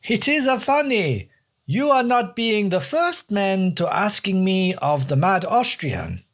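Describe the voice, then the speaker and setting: Guy doing a norwegian villager, put-on norwegian accent, broken english, slow and blunt. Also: high voice, very animated, voice pushed up, exaggerated voice. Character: gruff Norwegian villager and boatman, blunt, plainspoken.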